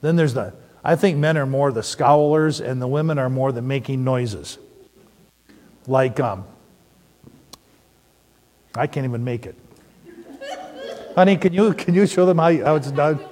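A middle-aged man preaching a sermon, telling stories and asking the audience questions in an animated way. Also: mid-range voice, measured pace, long pauses. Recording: long hall reverb.

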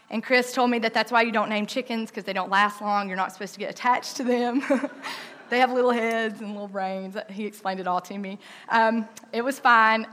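Bright, lively storytelling woman. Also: on the high side. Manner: lively, conversational, with frequent "um" and "like". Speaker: speaker telling a personal story. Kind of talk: personal storytelling talk.

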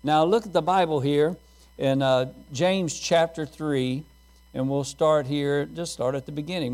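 A man's voice: on the high side, a little slow, a little mellow. A middle-aged man preaching a sermon, telling folksy stories and laughing at his own jokes.

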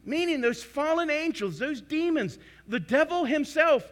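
High-voiced, forceful preaching man. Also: lively intonation, moderate pace, hardly any pauses. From United States. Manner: emphatic, swings between loud and hushed. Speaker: pastor. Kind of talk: sermon.

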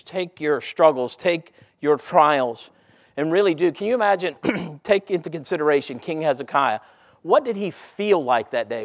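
Man preaching, fairly high voice; quizzes the congregation, reads scripture with mounting fervor. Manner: asks the congregation repeated questions, swings from hushed to loud; reads King James scripture aloud with rising intensity. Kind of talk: sermon.

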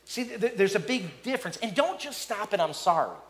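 A middle-aged man preaching a sermon as a pastor, animated, often repeating words and acting out the people he quotes. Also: high voice, a little fast.

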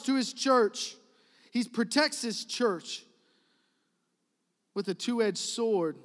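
Male pastor, high voice, emphatic sermon delivery that rises and falls, long hall echo behind. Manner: emphatic, repetitive preaching that swings from loud builds to soft drops.

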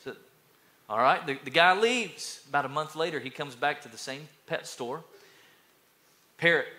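A man pastor preaching a sermon to his church, energetic, repeating phrases and telling stories. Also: on the high side, normal speed. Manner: energetic preaching with repetitions and storytelling.

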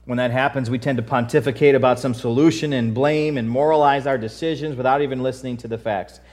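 A man's voice: mid-range voice, fast talker. A man preaching a sermon, reading scripture and acting out the quoted lines with rising force. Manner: animated, acts out quotes in raised voice.

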